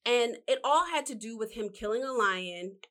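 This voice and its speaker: A woman's voice: fairly high pitch, animated, normal speed, fairly bright tone. A woman telling a Bible story in a loose, chatty monologue filled with fillers and asides, recorded indoors. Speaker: vlogger retelling a Bible story.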